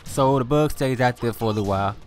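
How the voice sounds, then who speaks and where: This gaming video host is a man from Louisiana with a Southern US accent, telling laid-back, profane stories over gameplay. He talks fast at a medium pitch, with faint music behind him.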